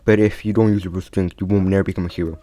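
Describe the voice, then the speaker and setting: Halting young man retelling a fan story. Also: sits low, flat delivery, dark tone. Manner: halting, many restarts and repeats.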